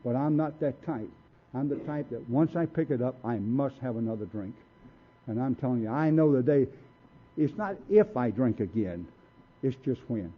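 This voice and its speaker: Heard on a tinny lo-fi tape, an older man in a meeting room delivers his recovery testimony in a blunt, folksy way. He speaks at normal speed in a slightly rough, medium-pitched voice with lively intonation.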